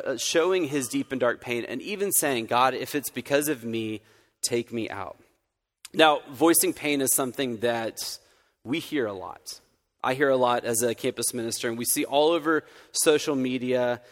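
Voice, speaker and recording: A man's voice: mid-range voice, fairly bright tone. A man, a campus minister, giving a sermon in an earnest, conversational way with frequent restarts. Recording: long reverb of a hall.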